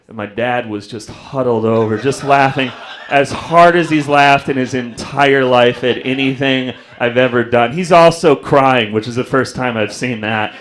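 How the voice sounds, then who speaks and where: Young man, stand-up comic, club stage mic, storytelling, mid pitch. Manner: storytelling, acts out voices with big pitch jumps. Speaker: stand-up comedian. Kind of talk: stand-up comedy set.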